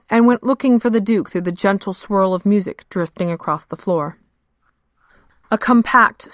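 A woman narrating a fantasy story in a measured, steady storytelling manner. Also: fairly low pitch, dry recording, studio quality. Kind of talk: scripted fiction narration.

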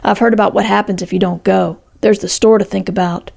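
A woman's voice: mid-range voice, fairly even intonation, a little fast, creaky, a little mellow. A woman reading the part of a timid, fearful middle-aged foster father who snaps in anger. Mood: worried.

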